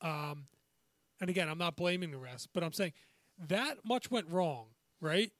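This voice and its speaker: A man, a podcast co-host talking sports in an animated, emphatic way. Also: a little high, measured pace, dry recording, studio quality. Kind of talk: casual sports chat.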